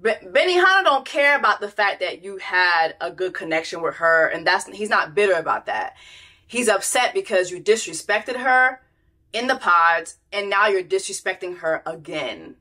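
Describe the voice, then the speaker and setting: Bright-voiced woman, blunt and animated. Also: medium pitch, moderate pace. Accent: American. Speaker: reality TV commentator. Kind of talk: casual reaction commentary.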